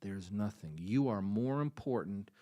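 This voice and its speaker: A man talking from a small coffee-house stage in a folksy storytelling way, repeating phrases for emphasis and swinging between hushed and loud. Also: fairly low pitch, animated, measured pace. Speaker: musician speaking from the stage. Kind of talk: folksy stage talk with a told joke.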